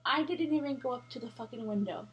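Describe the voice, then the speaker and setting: A woman's voice: on the high side, fast. Rambling young woman telling a scary story. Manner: rambling, heavy fillers and swearing. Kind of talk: casual storytelling.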